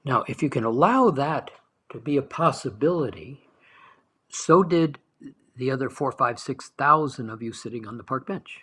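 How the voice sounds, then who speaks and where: A man leading a guided meditation talk as a spiritual teacher, speaking softly and slowly, lingering on words and sometimes dropping to a whisper. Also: medium pitch, expressive, slightly rough. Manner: soft, slow, dwelling on words, dropping to whispers.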